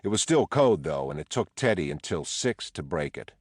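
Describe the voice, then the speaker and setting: A man narrating an audiobook in a measured, somber way. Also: sits low, very animated, slightly rough, no echo, clean studio sound. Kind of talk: scripted narration.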